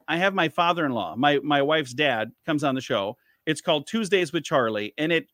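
A man's voice: on the high side, bright, forceful tone, no echo, clean studio sound. A male comedian and radio host telling a rambling anecdote in casual chat, restarting his sentences as he goes. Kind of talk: casual storytelling.

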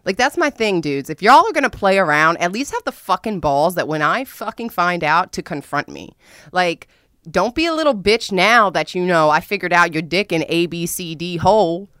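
A young woman telling a dramatic, profane story in a casual vlog, with sudden loud outbursts. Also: fairly low pitch, lively intonation, normal speed, clean tone, no room sound, studio quality. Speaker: vlogger.

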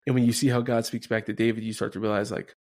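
A man's voice: fairly low pitch, little pitch movement, fast talker, darkish tone. A man hosting a Catholic reflection podcast, talking casually and conversationally, often tagging his points with "right?". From Denver area, USA. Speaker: podcast host.

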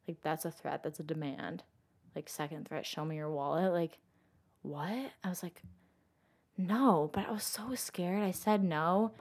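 In casual, emotional talk, a young interviewee wanders through a personal story, using "like" over and over. Her voice is low and a little mellow, at a moderate pace.

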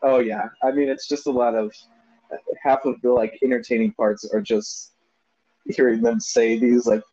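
A man's voice: mid-range voice, flat delivery, normal speed, mellow. A man co-hosting a casual movie discussion podcast, laughing often and animatedly quoting lines from the film. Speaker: podcast co-host. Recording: dull lo-fi sound.

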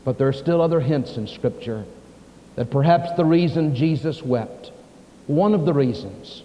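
A man's voice: a little high, expressive, moderate pace. A man preaching a sermon, telling the story with emphasis, in a dull recording with long hall echo.

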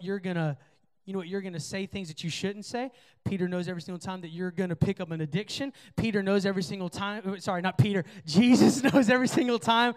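A young man with a high-pitched voice delivers a youth sermon. He talks earnestly and casually, filling his speech with asides and restarts as he addresses the students directly. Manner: earnest, conversational preaching with many fillers. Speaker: youth pastor.

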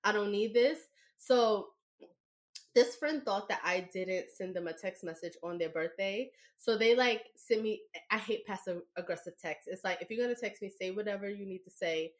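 A young woman co-hosting a podcast, telling a story in a blunt, profane, animated way. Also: mid-range voice, normal speed. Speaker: podcast co-host. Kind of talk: casual podcast chat.

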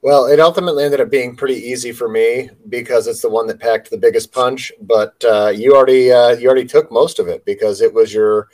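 A man's voice: medium pitch, steady tone, brisk, few pauses, a little mellow, poor audio. A man co-hosting a casual film podcast, speaking earnestly and often restarting his sentences. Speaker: podcast co-host. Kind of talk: casual movie discussion.

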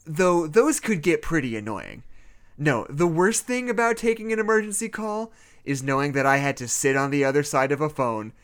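A man's voice: fairly high pitch, lively intonation, normal speed, fairly bright tone, clear, resonant tone. A man co-hosting a comedy podcast, reading a story aloud and breaking off to laugh and joke.

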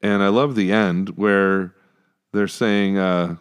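Low-voiced man in casual Bible chat. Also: takes it slowly, clear, resonant tone. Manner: relaxed, thinking aloud with many fillers. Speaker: co-host discussing scripture.

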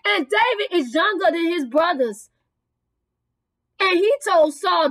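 A woman's voice: very high voice, animated, measured pace, no echo, low-quality recording. A woman retelling a Bible story, exclaiming and firing off rhetorical questions between casual asides. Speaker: bible teacher. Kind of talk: lively bible story teaching.

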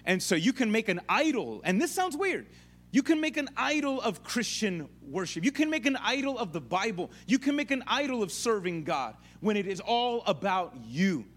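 A man preaching a sermon in a casual, slangy way, dropping to hushed emphasis and rising when he gets animated. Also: high voice, normal speed, breathy edge. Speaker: pastor.

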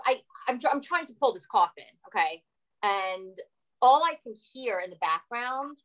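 Woman in her 40s on a podcast, lively storyteller, cusses a lot, mid voice. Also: mid-range voice, poor audio. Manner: animated, swears freely. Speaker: guest, former reality TV cast member. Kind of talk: casual podcast chat, storytelling.

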